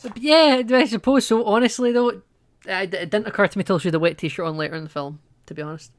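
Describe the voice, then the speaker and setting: A man's voice: high-pitched, fast, no room sound, clean studio sound. A man co-hosting a podcast, casually retelling a film's plot at length. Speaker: podcast co-host. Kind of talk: casual film recap chat.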